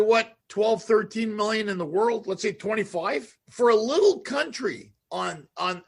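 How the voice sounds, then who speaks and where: A man with a rather high, husky voice hosts a casual chat and talks in a blunt, animated way. He swears freely and often breaks off and restarts his sentences. The sound is clean, apart from the slight rasp in his voice. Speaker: talk show host.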